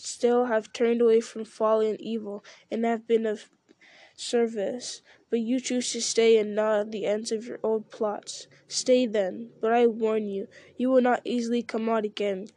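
A woman voicing a stern, commanding old male wizard in a storybook reading, speaking in a measured way. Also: a little high, flat delivery, dark tone, dry recording, lightly acted.

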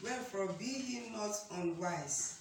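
Halting scripture reader, off-mic, roomy echo, faint background noise. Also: mid-range voice, animated, far from the mic. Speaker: congregant reading scripture. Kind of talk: reading Bible verses aloud.

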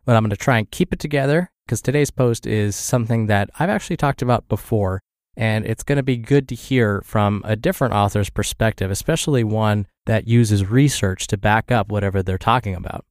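A man hosting a daily podcast, reading a health blog article aloud in a steady scripted way, slightly stuffed up from the flu. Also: fairly low pitch, a little fast, no room sound, clean studio sound.

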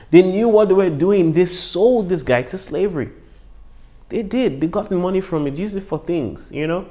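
A male pastor preaching a sermon, lively, with hushed moments and loud, emphatic stretches. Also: high-pitched, normal speed.

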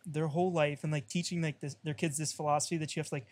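A man's voice: fairly high pitch, steady tone, rapid-fire, slight background noise. A young man co-hosting a casual podcast chat, laid-back and full of "dude" and "like". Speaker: podcast co-host.

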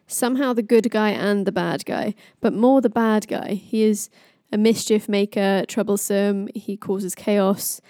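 A young woman retells old myths on a podcast in a chatty, casual way, full of jokey asides. Her voice is mellow and soft-edged. The recording is dry and close. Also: mid-range voice, steady tone, a little slow, few pauses, dry recording. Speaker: podcast storyteller.

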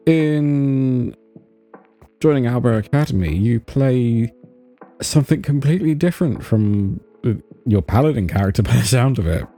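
A man's voice: mid-range voice, normal speed, faint music behind. A young man hosting an interview podcast, talking casually with lots of ums. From United Kingdom. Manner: lively, laughing, hesitant with ums. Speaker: podcast host.

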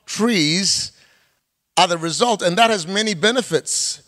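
A man's voice: high-pitched, unhurried, bright, forceful tone. A middle-aged male pastor preaching a sermon, firing rhetorical questions with emphatic delivery. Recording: long hall reverb.

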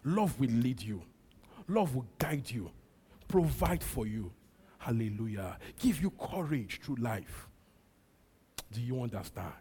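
A man's voice: medium pitch, big pitch swings, slow pace, long pauses, warm tone, a little hiss or hum. A man with a Nigerian accent preaching a sermon, repeating short phrases and breaking into frequent hallelujahs. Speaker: pastor.

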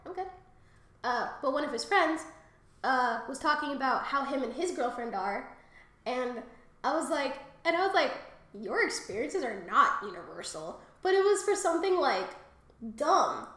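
A woman's voice: high voice, lively intonation, normal speed, a bit bright, reverberant. A woman co-hosting a podcast, telling rambling, crude stories with lots of fillers and laughs, and coughing after a cold. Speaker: podcast co-host. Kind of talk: casual chat.

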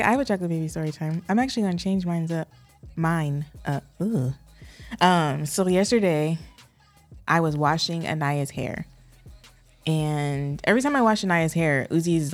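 A woman in her thirties with a somewhat low voice, chatting easily on a podcast. She tells stories about home life and lets her voice drop into quieter asides. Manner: chatty storyteller, trails off, softer asides. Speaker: podcast co-host, mother. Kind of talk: casual chat.

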